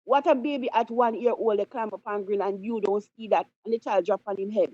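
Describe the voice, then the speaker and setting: A woman's voice: mid-range voice, fairly even intonation, fairly quick, mellow, dry recording. A woman calling in to a show, speaking passionately and indignantly because she is upset. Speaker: caller. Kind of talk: impassioned phone-in comments. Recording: dull lo-fi phone line.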